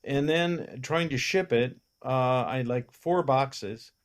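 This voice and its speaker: A man's voice: mid-range voice, slow. A man, a film producer, telling anecdotes in a casual interview and acting out the lines of the people in his stories. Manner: animated anecdote teller who acts out other people's lines.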